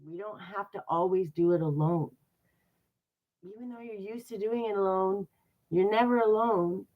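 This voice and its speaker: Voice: mid-range voice, moderate pace. Chatty horoscope reader on a lo-fi stream. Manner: chatty and earnest, with sarcastic asides. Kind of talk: casual live-stream reading.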